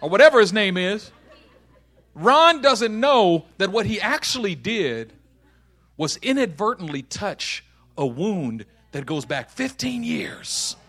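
A man preaching a sermon, telling a story and acting out the voices in it, dropping to a hush and then rising to shouts. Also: high voice, sing-song, takes it slowly. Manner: storytelling with acted voices, swings from hushed to shouting.

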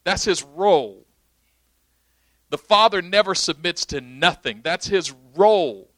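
A man's voice: high-pitched, animated, a little slow, a bit bright, no room sound. A young man preaching, teaching emphatically and often checking that his listeners follow. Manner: emphatic, explanatory, checks understanding. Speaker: pastor. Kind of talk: sermon teaching.

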